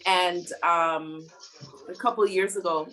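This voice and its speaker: A woman guest in a casual interview, retelling a story in an animated, dramatic way and laughing often. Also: fairly low pitch, a little slow.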